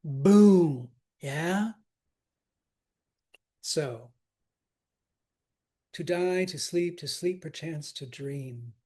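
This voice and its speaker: Husky guy teaching shakespeare scansion, slow and chatty, laughs a lot, counts out the stresses. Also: fairly high pitch, warm tone. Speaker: acting teacher. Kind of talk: scansion lesson.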